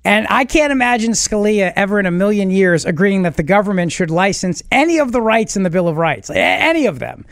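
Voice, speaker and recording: High, lively male radio host. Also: no room sound, studio quality. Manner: animated, joking, rapid asides. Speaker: radio talk show host. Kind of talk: talk radio banter. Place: radio studio. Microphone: studio mic.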